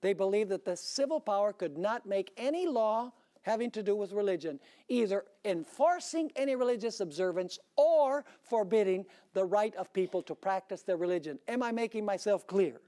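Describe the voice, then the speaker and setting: A man's voice: high-pitched, lively intonation, moderate pace, dark tone. A male pastor delivering a sermon, preaching emphatically and often checking in with the congregation through rhetorical questions.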